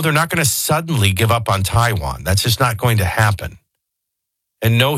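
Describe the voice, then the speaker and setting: A man's voice: mid-range voice, fairly bright tone, husky, dry recording. A man hosting a talk radio show, speaking in a conversational, digressive way with folksy asides, into a studio microphone. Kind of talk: casual talk radio commentary.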